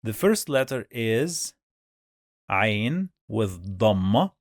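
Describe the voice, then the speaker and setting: Male teacher, slow, dry close sound, repeats sounds for beginners. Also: medium pitch, expressive, dry recording. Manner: drills sounds by repeating them many times. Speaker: Arabic reading teacher. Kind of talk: slow step-by-step pronunciation lesson.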